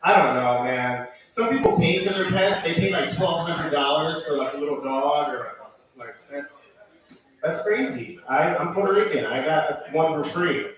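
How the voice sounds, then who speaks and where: A man's voice: a little high, lively intonation, moderate pace, a bit bright. A man doing a rambling, profane open mic stand-up set, full of ums and asides. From Connecticut, USA. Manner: loose rambling delivery with many ums and profanity. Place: small venue with live crowd. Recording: echoey room, far from mic, crowd noise.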